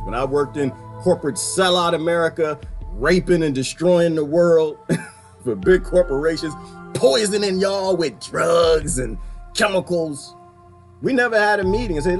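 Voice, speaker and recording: Brief: male vlogger, lively swooping delivery, raised voice, rambling rant, laughs a lot, soft music underneath. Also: a little high, moderate pace. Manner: animated, rambling, laughs often and slips into quoted voices. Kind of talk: casual ranting monologue.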